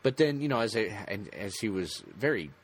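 A man co-hosting a casual podcast chat, talking in halting bursts with many restarts and fillers. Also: fairly low pitch, very animated, slightly rough.

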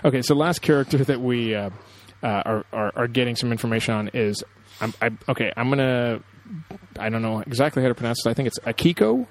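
A man's voice: mid-range voice, fairly even intonation, a little fast, slight background noise. A man co-hosting a casual podcast chat, talking with frequent fillers and hesitations. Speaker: podcast co-host.

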